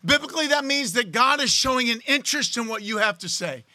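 A man preaching a sermon in a church, loud and excited, swinging from shouting to quiet, close talk. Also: very high voice, fast talker, no echo. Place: church sanctuary.

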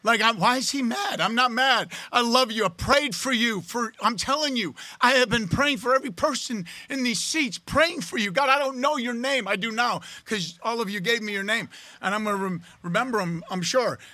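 A man preaching a sermon in a church, loud and excited, swinging from shouting to quiet, close talk. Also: very high voice, moderate pace, no room sound. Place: church sanctuary.

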